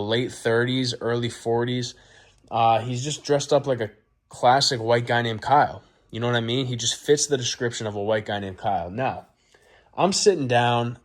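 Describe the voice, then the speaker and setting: Brief: a crude, swaggering male vlogger telling a comic bar story in a mid-range voice. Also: medium pitch. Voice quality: crude, boastful, heavy swearing. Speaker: vlog host. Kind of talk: profane comedic storytelling.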